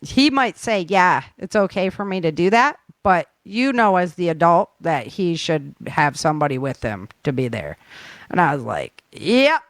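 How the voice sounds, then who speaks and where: A woman's voice: fairly low pitch, lively intonation, normal speed, dry recording. Woman, middle-aged, chatty storyteller, laughs often, dry close recording. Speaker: author and camp instructor. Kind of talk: casual chat.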